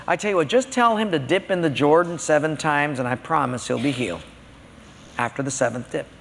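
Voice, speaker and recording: Guy doing a busy old prophet, brushing it off, low and gravelly, hall echo. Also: a little fast, fairly bright tone, slight background noise. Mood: offhand. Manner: casual, dismissive.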